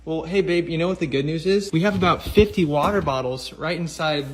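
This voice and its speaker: A man's voice: fairly high pitch, fairly quick, slight background noise, rough recording. Exasperated man bickering in a vlog. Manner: exasperated, teasing. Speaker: vlogger husband. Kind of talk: bickering couple's comedy vlog.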